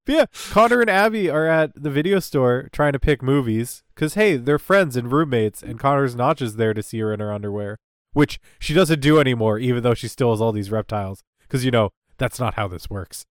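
A man co-hosting a casual podcast, recapping a show with sarcastic, rambling rants. His voice sits at an ordinary middle pitch. It is recorded close and dry, with no room sound. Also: fairly quick, no room sound. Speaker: podcast co-host. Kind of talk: casual chat recapping a TV episode.

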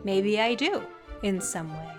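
A woman voicing a polite young Regency gentleman in a formal, courteous and slightly evasive way. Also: mid-range voice, lively intonation, unhurried, over music, lightly acted.

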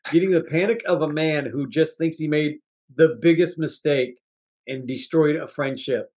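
A man's voice: fairly high pitch, moderate pace, a little mellow. A man co-hosting a movie review podcast, chatting casually and acting out scenes from the film with laughter. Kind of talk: casual chat.

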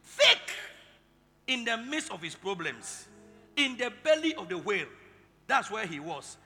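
A male pastor preaching a sermon, leading the congregation in call and response and building up to shouting. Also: sits high, very animated, moderate pace. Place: large church hall. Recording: reverberant hall with music.

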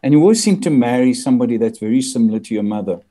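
A man's voice: mid-range voice, animated, rapid-fire, dark tone. An older man who grew up in the Belgian Congo, telling rambling anecdotes as a guest in a casual interview. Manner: rambling anecdotes with frequent murmured agreement.

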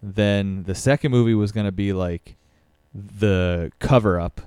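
A man co-hosts a casual podcast, rambling through his thoughts with filler words and the odd curse. His voice sits a little low and sounds smooth. The mic is close and dry. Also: measured pace, darkish tone, dry recording. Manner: loose, rambling, lots of "like" and swearing. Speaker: podcast co-host. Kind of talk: casual chat about movies.

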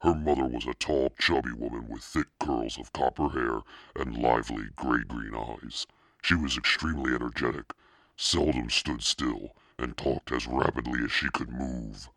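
A man's voice: rumbling low, normal speed, fairly bright tone, dry recording, clean studio sound. A man casually reading a children's book aloud, now and then breaking off to comment on the text. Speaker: reader.

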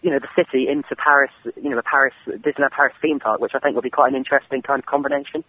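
Fast-talking young English man on a muffled line. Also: mid-range voice, steady tone. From England. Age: 20s. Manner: eager, talks fast in long run-on sentences. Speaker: caller. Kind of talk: casual call-in chat.

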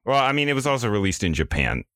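A man's voice: medium pitch, big pitch swings, fast, fairly bright tone, no echo. A young adult man co-hosting a podcast, joking dryly and rambling through casual chat. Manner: dry joking, rambling explanations. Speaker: podcast co-host.

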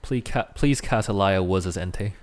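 A man with a fairly low voice in relaxed, casual conversation. He laughs often and sometimes trails off before finishing a thought. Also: a little fast. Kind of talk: casual chat.

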